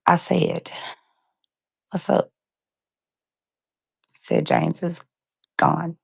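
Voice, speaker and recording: Heavily gravelly woman telling her story. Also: fairly low pitch, flat delivery, drawn-out words, no room sound. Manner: casual, emotional, speaks straight to listeners with "y'all" and "you guys". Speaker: live-stream host telling a personal story. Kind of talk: candid personal storytelling to a live audience.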